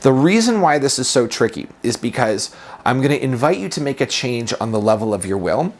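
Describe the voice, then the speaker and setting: Earnest man with a lively voice. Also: mid-range voice, fairly quick. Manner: earnest, questioning, repeats phrases. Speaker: productivity coach. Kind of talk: reflective self-help monologue.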